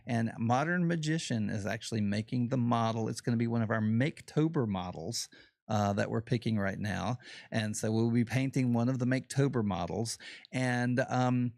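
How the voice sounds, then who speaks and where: A Southern man hosting a relaxed livestream chat, his voice gravelly with fry. He rambles in a friendly, folksy way, and the sound is dry and close. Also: mid-range voice, normal speed, no room sound. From Southern United States. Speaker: show host. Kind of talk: casual livestream interview chat.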